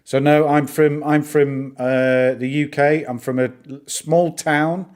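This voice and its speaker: A middle-aged man from northern England hosts a live stream, chatting casually with viewers in his northern English accent, answering chat and rambling with plenty of fillers. His voice is on the high side and darkish, fairly even in intonation, and slow.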